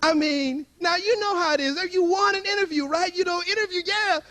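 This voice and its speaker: A man's voice: extremely high pitch, fairly quick, bright, forceful tone. A man telling a funny story to a live audience at a retreat, acting out the voices he quotes and chuckling often. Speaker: spiritual retreat speaker.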